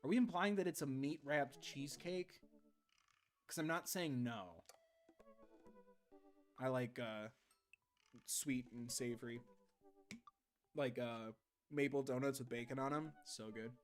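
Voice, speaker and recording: A young man streaming a game live, chatting casually with quick jokes and asides while reading the game text aloud. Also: medium pitch, faint music behind.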